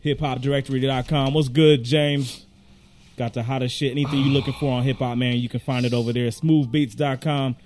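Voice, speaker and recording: A man co-hosting a casual hip hop podcast, laid-back and slangy, running through tracks and shout-outs. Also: medium pitch, steady tone, a little fast, a little hiss or hum. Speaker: podcast co-host.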